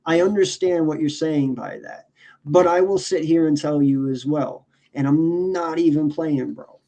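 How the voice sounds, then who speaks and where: A man's voice: on the high side, measured pace, warm tone. A man talking sports casually as a podcast co-host, emphatic and profane, often restarting his sentences.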